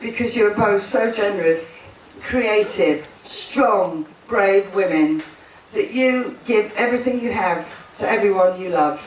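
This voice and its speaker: A woman's voice: mid-range voice, measured pace, a little hiss or hum. A woman, the twin sister of one bride, giving a chatty wedding speech, laughing often and breaking off mid-sentence. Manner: chatty, laughing, self-interrupting. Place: wedding gathering indoors. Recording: echoey room, speaker far from the mic.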